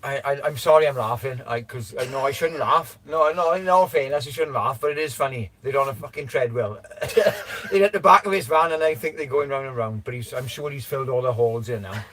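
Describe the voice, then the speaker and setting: A man's voice: medium pitch, brisk, few pauses, fairly bright tone. A man hosting a casual livestream chat, rambling with lots of restarts, laughing and swearing as he talks. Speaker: livestream host.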